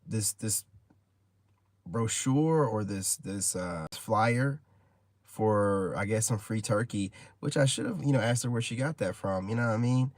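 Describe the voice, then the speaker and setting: A man's voice: lowish voice, no room sound, studio quality. Rambling slangy man in his forties. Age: 40s. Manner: rambling, slangy, full of "you know what I mean". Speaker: content creator. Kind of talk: casual storytelling vlog.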